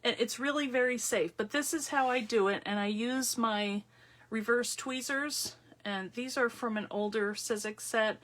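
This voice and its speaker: A woman's voice: medium pitch, a bit bright. A woman hosting a live craft tutorial on her phone, chatting casually, thinking aloud and greeting viewers by name as she works at her craft table. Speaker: craft demonstrator hosting a livestream.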